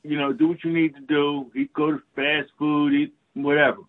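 A man co-hosting a political talk show, excitable and profane, talking emphatically. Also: on the high side, normal speed. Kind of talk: casual political commentary. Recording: tinny phone-like line.

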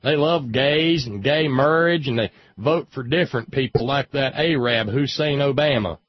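A man voicing a smug, preachy small-town churchgoing man in a loud, sneering, mock-pious drawl. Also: mid-range voice, moderate pace, breathy edge, no echo, pitched above the performer's own voice, natural voice. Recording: dull lo-fi audio.

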